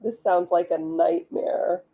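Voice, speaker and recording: A woman's voice: fairly low pitch, steady tone, slow pace, warm tone, husky. A woman hosting a live writing stream, chatting casually with viewers, laughing often and filling her talk with "like.". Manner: chatty, giggly, many "like" fillers. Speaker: livestream host, author.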